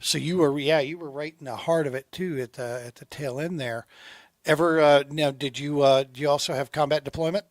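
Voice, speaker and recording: A middle-aged man hosting a podcast, talking in a relaxed, rambling way and calling his guest "dude" and "man". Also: on the high side, brisk, no echo, studio quality. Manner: laid-back, rambling, says dude and man often. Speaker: podcast host. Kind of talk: casual interview chat.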